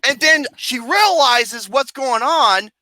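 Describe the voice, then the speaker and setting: Film review rant, profane, lively swooping pitch, bright edge, dry sound. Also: takes it slowly, dry recording. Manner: profane, animated, mimics scenes with mock wails and singing. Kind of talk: ranting film review chat.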